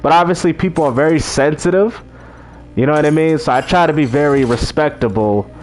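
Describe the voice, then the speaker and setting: A laid-back man hosts a live stream, reading out chat messages and talking casually with viewers. His voice sits a little high and moves up and down a lot. He laughs easily. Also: lively intonation, brisk, darkish tone.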